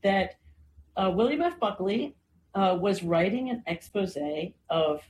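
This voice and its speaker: A woman's voice: mid-range voice, expressive, measured pace, darkish tone, a little hiss or hum, low-quality recording. A woman explaining history in a conversational lecture style, often checking in with "right?" and "you know.". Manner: frequent "right?" and "you know" fillers, thoughtful.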